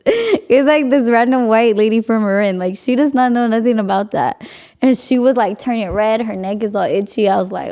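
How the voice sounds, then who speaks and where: A woman's voice: on the high side, moderate pace, dark tone. A young woman hosting a podcast, telling a story in casual chat, with lots of "like" and frequent laughs. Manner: chatty, frequent "like", laughs often. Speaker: podcast host.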